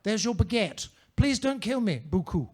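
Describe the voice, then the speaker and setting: A man's voice: sits high, big pitch swings, moderate pace, heavy background noise. A man performing a stand-up comedy set on a comedy club stage, in a pompous manner with ornate wording.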